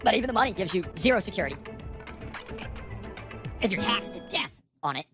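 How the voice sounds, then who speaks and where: A man's voice: high voice, sing-song, a little fast, music in the background. A middle-aged man livestreaming from home, ranting bitterly and profanely about his life through a streaming microphone. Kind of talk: livestream rant. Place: at home, seated. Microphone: streaming microphone with auto gain.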